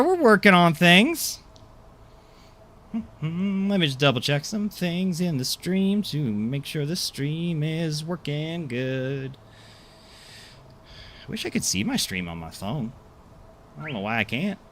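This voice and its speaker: A man chatting away to his viewers while he streams a game, rambling and poking fun at himself. His voice sits a little high and bounces animatedly up and down, with a faint hiss of noise underneath. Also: a bit bright. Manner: chatty, self-deprecating, rambling. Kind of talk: casual live-stream chat.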